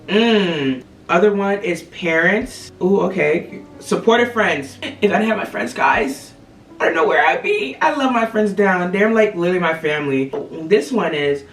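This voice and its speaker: A content creator shares a personal motivational story with viewers, chatting loosely with lots of filler and frequently saying "guys" and "y'all." Her medium-pitched voice is expressive and a bit bright, at a moderate pace. The recording sounds roomy and slightly distant, with faint ambient noise.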